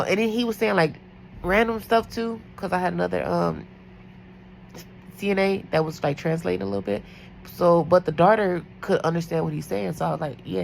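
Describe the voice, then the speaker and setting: A young adult woman, a night nurse, chatting casually about a work shift and acting out quotes in higher voices. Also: a little hiss or hum, rough recording. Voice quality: gravelly. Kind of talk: casual storytelling.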